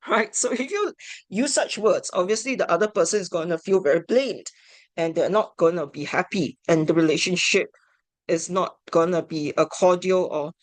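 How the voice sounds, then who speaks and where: A woman giving an instructional talk on family therapy, measured and deliberate. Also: on the low side, no room sound. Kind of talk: instructional lecture.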